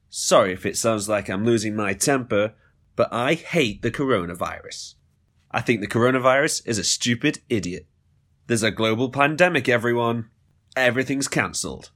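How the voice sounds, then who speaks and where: A man hosting a podcast, delivering a comedic monologue with mock-dramatic swings and deadpan asides. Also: mid-range voice, normal speed. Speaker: podcast host.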